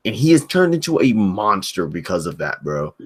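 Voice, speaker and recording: A man's voice: sits low, sing-song, moderate pace, husky. A man co-hosting a livestream, talking bluntly and emphatically in slang. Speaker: stream co-host. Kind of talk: casual livestream chat.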